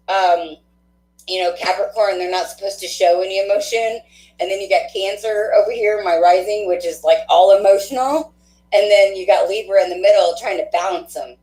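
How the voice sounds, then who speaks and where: A woman hosting a spiritual card-reading livestream, chatting warmly and laughing often, with a stuffy nose. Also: medium pitch. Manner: affectionate, chatty, laughs often, many fillers. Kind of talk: casual livestream sign-off chat. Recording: echoey room.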